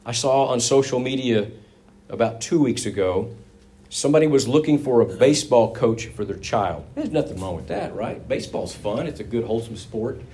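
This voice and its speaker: A man's voice: mid-range voice, expressive, normal speed, dark tone. Man preaching a conversational sermon. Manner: conversational, folksy storytelling with asides.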